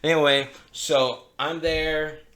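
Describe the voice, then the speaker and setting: A man's voice: on the high side, little pitch movement, slow, fairly bright tone. A man co-hosting a podcast, telling a long, profane story in casual chat. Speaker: podcast co-host. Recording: roomy echo.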